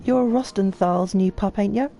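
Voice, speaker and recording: A woman's voice: medium pitch, normal speed, mellow, a little hiss or hum, close to an everyday voice. A woman voicing a hostile, grumbling male craftsman who speaks in a snarling, scornful way.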